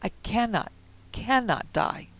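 A man's voice: a little high, normal speed, vocal fry. A man reading the lines of a vain, dying rich woman who pleads, raves and commands her servants. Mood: desperate. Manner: pleading then commanding, raving.

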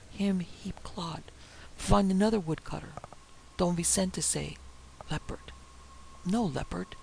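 A scared male servant, voiced by a male narrator, whispers in halting, broken English in a storybook reading. The voice is gravelly and a little high. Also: a little mellow, a little hiss or hum, low-quality recording.

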